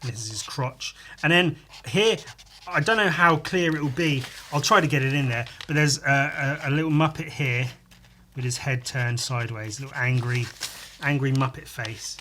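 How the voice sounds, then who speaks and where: A man hosts his podcast while drawing, chatting casually as he works. His voice is bright and clear, and he wanders between muttered asides and crude, jokey remarks. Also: mid-range voice, normal speed, a little hiss or hum. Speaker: podcast host drawing live.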